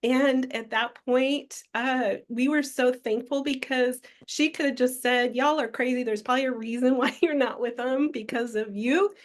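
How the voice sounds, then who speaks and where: A woman's voice: sits high, fairly even intonation, normal speed, hardly any pauses. A woman guest telling her story in an interview, earnest and reflective.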